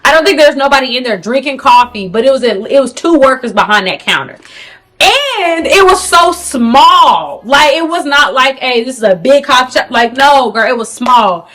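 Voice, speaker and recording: A young woman vlogging a storytime to camera in an animated, slangy manner, talking to viewers as "girl". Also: sits high, moderate pace. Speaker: beauty vlogger. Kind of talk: storytime vlog.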